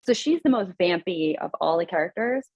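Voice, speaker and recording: A woman's voice: fairly low pitch, lively intonation, normal speed, darkish tone, no room sound. A woman, a horror writer appearing as a podcast guest, chatting casually and enthusiastically. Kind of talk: casual chat.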